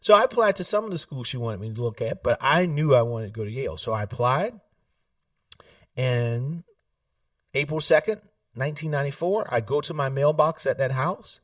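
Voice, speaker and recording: A man, telling stories in an animated way, laughing often and acting out family voices. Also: medium pitch, normal speed, no room sound, distant mic. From South Carolina. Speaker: political candidate, guest. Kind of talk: casual storytelling interview. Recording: dry sound, set back from the mic.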